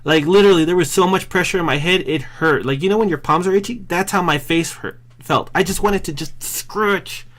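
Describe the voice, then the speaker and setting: A man's voice: sits high, fairly quick, few pauses, fairly bright tone. A man talking straight to camera in a casual, rambling vlog, self-deprecating and often restarting his sentences. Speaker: vlogger.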